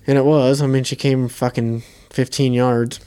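A young man, co-host of a podcast, casually telling a hunting story in a relaxed, profane way. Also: medium pitch, normal speed, clean tone.

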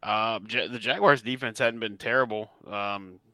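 A man's voice: lowish voice, steady tone, normal speed, bright, forceful tone, no room sound. A man co-hosting a casual sports chat, easygoing and thinking aloud as he explains his picks. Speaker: podcast co-host. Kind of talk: casual fantasy football chat.

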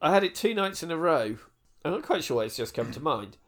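A man's voice: on the high side, very animated, a little fast, a bit bright. A man in casual chat with fellow comedy performers, telling a story while giggling. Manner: giggly, telling an anecdote through laughter.

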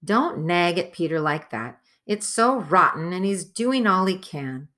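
Woman doing a passionate little girl in an audiobook, high and pleading. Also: sing-song, takes it slowly, sharp tone, exaggerated voice. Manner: pleading, insistent. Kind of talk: audiobook character voice.

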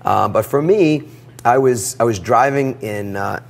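A middle-aged man telling a personal story in an interview, animated and acting out the dialogue. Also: mid-range voice, a little slow, vocal fry. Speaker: guest.

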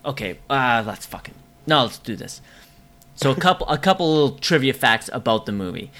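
A man co-hosting a casual movie podcast, chatting excitedly with lots of ums and frequent swearing. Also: mid-range voice, a little fast. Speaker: podcast co-host.

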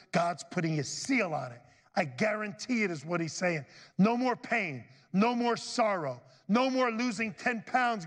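A man's voice: high-pitched, long reverb tail. A middle-aged man preaching a sermon as pastor, folksy and chatty, calling out to the congregation for amens. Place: church sanctuary.

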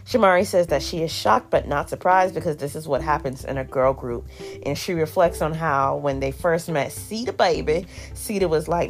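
A woman's voice: sits low, expressive, normal speed, soft background music. A woman hosting a podcast, recapping an episode in a casual, sassy, slangy way with joking asides. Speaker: podcast host reviewing a reality show.

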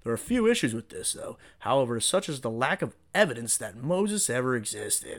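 A man hosting a solo podcast, talking in a rambling, profane, excitable way. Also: mid-range voice, a little fast, few pauses. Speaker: podcast host.

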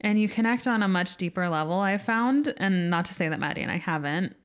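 A woman's voice: fairly low pitch, animated, fairly quick, clear, resonant tone. A young adult woman co-hosting a podcast, telling a personal story in casual chat, full of "like" fillers. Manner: chatty storytelling, lots of "like". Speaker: podcast co-host.

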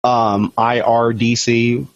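A man's voice: mid-range voice, level tone, slow pace, no echo. A man co-hosting a podcast, reading a story aloud with laid-back, teasing banter. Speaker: podcast co-host. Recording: dry, dull lo-fi sound.

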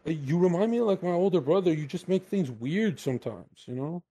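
A man's voice: a little high, lively intonation, fairly quick, warm tone, husky. A young man chatting as a podcast guest, teasing and sulking in banter. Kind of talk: casual chat.

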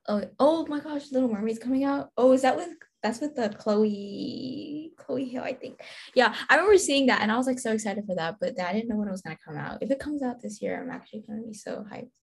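A woman's voice: medium pitch, gravelly, a little mellow. A teenage girl in casual chat, giggly and talkative, full of filler words. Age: teens. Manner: giggly, chatty, many "like" fillers. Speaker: teen panelist.

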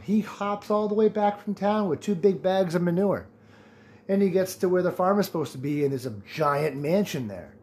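A man's voice: on the high side, a little mellow. A man in his late twenties hosting a casual solo podcast, telling jokes and laughing at his own punchlines. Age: 20s. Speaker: podcast host.

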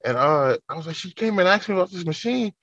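A man's voice: sits high, expressive, fast talker, a bit bright, no room sound, muffled recording. A man in a casual podcast chat who swears freely and tells stories, acting out what people said. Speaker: podcast guest.

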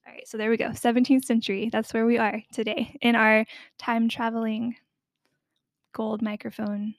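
A woman co-hosting a podcast, talking through a game's history in a thoughtful, scholarly way with quick asides. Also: a little high, flat delivery, no room sound, studio quality. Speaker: podcast co-host. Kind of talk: casual discussion.

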